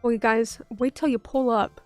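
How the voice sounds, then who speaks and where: Hoarse young woman VTuber, high-pitched and bronchitis-rough. She rambles, curses and bickers with chat over a close, dry mic. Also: steady tone, normal speed, a little mellow, no room sound, faint music behind. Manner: rambling, self-interrupting, swears, talks back to chat. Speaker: VTuber streamer. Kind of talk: casual live-stream chat.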